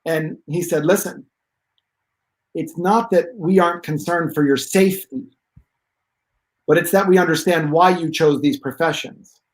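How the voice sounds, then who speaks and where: A man with a fairly high voice tells long stories with real energy. He talks emphatically and wanders into asides as a guest expert on pain relief. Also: unhurried, long pauses, rough recording. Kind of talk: animated storytelling.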